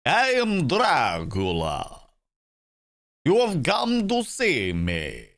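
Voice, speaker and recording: A man's voice: a little high, huge pitch swings, a bit bright, pitched above the performer's own voice, full character voice. A man hamming up a camp old vampire count. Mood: theatrical. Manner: slow, theatrical and camp.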